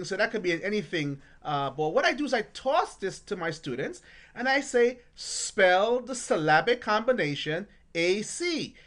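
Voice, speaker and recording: A woman's voice: fairly low pitch, fairly bright tone. A woman, a reading coach giving a parent tips lesson, upbeat and sounding out syllables with exaggerated emphasis.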